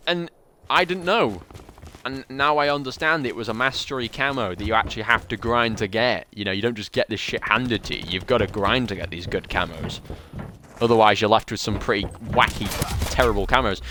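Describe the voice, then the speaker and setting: Streaming a shooter game live, a young man talks loosely to viewers, chatty and self-deprecating as he rambles on. He speaks at a moderate pace in a medium pitch over noise in the background.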